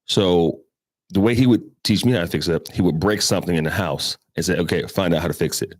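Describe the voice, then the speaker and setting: A middle-aged man with a New York accent tells rambling, salty stories on a morning show. His voice sits very deep, and the recording is close and dry with no room sound. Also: brisk, dry recording. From Brooklyn, New York. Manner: rambling, profane, with asides to listeners. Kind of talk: casual storytelling chat.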